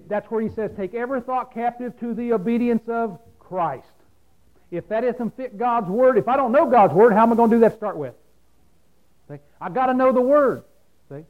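Folksy preacher man, high voice. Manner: folksy, conversational, asks the congregation "See?". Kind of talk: sermon. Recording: dull lo-fi sound.

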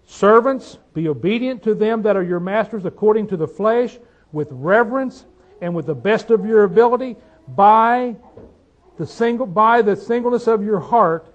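A man delivers a sermon in a high voice, leaning into each point and asking his listeners one rhetorical question after another. The recording sounds dull and lo-fi. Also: normal speed. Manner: emphatic, rhetorical questions to the audience. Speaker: preacher.

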